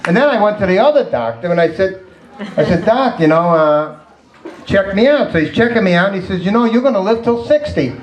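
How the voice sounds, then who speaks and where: A man's voice: sits high, expressive, fairly quick, echoey room, background noise. A man doing a stand-up routine of one-liners, chuckling at his own jokes. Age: 60s. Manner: laughs at his own jokes, sighs "terrible". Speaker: stand-up comedian.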